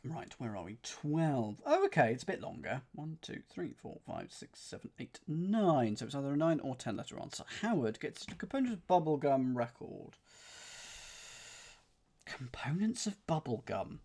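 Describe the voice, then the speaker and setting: A man's voice: on the high side, big pitch swings, moderate pace, warm tone. A man streaming himself solving a cryptic crossword, thinking aloud, repeating clues under his breath and counting out letters. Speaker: puzzle streamer.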